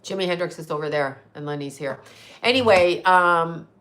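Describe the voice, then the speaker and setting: A woman's voice: on the low side, moderate pace, fairly bright tone. A middle-aged woman hosting a livestream, ranting bluntly and with a lot of swearing. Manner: blunt, profane, indignant. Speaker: livestream host. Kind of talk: casual livestream rant.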